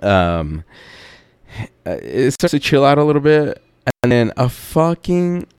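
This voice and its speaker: A man hosts a podcast and tells a story in a loose, profane, laid-back way, slipping in laughing asides. His voice is smooth and clean, and his pace is unhurried. The sound is dry and close. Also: mid-range voice, sing-song, darkish tone, no room sound. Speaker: podcast host. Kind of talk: casual storytelling.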